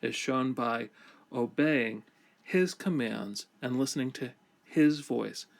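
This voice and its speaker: A man with a gravelly edge to his voice teaches Hebrew grammar at an unhurried pace. He reads the verse phrase by phrase and then explains each form in a measured, deliberate way. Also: medium pitch. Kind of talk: slow, measured scripture lesson.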